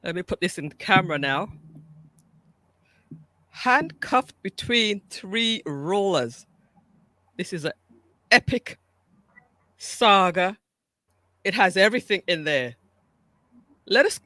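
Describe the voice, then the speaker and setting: A woman's voice: medium pitch, fairly bright tone, dry recording. A woman hosting a live-stream interview, effusive and welcoming, often repeating her words as she speaks. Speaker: host.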